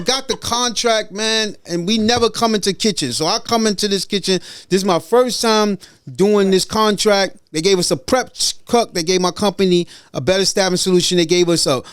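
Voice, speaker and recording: A middle-aged man hosting a podcast, telling stories in a casual, animated way and acting out the voices of people he quotes. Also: high voice, clear, resonant tone, dry recording, clean studio sound. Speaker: podcast host. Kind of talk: casual storytelling conversation.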